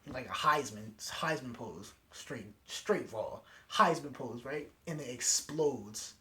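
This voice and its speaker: Guy at home hyping up an episode recap, talks loose and excited, keeps asking right?. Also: medium pitch, slow. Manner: excited, animated retelling with slang and "right?" tags. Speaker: anime episode reviewer. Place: his home at night.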